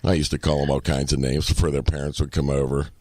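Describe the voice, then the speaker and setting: A man hosting a podcast, talking casually with blunt, profane, dark humor. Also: rumbling low, little pitch movement, fast, no room sound. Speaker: podcast host. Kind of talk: casual chat.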